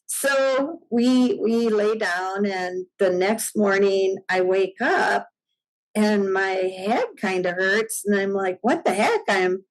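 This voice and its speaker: A woman's voice: mid-range voice, steady tone, slow pace, rough recording. A middle-aged woman in a podcast interview, telling a story in a casual way and acting out the dialogue with frequent laughter. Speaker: podcast guest.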